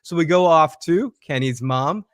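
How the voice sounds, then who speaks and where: A man's voice: fairly high pitch, lively intonation, unhurried, clean tone, no echo, clean studio sound. A man hosting a fan show, recapping an episode in a chatty way and acting out the characters' lines.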